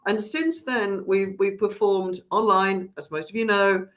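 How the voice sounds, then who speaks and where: A woman's voice: mid-range voice, steady tone, a little slow, a little hiss or hum. Woman, theatre company director, casual announcement, rambling, restarts often. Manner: chatty, rambling, with frequent restarts.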